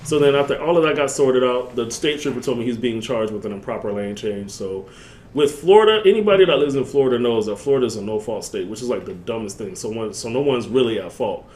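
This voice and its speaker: Young man telling a story, slangy and animated. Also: quick pace. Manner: animated, jumps up in pitch when quoting himself; loose slangy talk with many fillers. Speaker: vlogger. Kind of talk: casual storytelling vlog.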